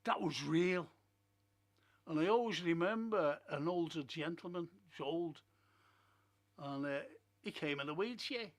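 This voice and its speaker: Via a streaming setup, a man hosts a film and TV review show, casually telling stories and voicing blunt opinions. His voice is a little high, with lively intonation and a moderate pace.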